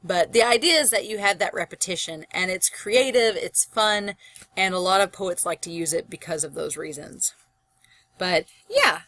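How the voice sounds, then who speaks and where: A woman's voice: fairly low pitch, moderate pace. Chatty woman giving a lecture. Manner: chatty, rambling, animated asides. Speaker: college English instructor. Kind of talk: recorded lecture.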